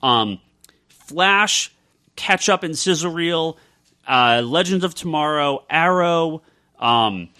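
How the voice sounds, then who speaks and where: A man's voice: fairly high pitch, expressive, slow pace, sharp tone, smooth. A man hosting a casual roundtable podcast, rambling with many ums and likes. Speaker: podcast host.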